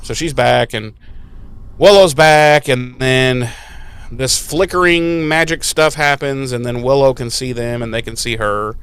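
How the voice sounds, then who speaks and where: A man co-hosting a podcast, recapping an episode in a profane, sarcastic, animated way. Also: medium pitch, measured pace, clean tone. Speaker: podcast co-host. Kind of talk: casual recap chat.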